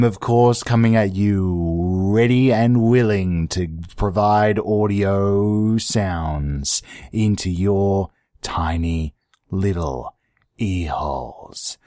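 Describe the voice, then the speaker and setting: A man voicing a seductive late-night male radio announcer, crooning slowly and dropping his voice low. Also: warm tone, no room sound, clean studio sound. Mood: sultry. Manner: slow, drawn-out, breathy crooning. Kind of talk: mock seductive show intro.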